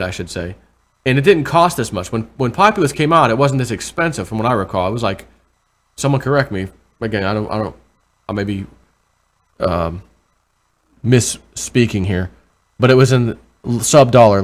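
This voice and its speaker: Rambling man talking crypto charts. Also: mid-range voice. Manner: rambling, self-correcting, excited bursts over numbers. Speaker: crypto vlogger. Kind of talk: casual commentary over charts.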